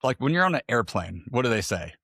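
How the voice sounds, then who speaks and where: A man's voice: mid-range voice, very animated, quick pace, bright, forceful tone, breathy edge, no room sound, studio quality. A middle-aged man talking as a podcast guest, candid and loose with casual slang and fillers. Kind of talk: casual conversation.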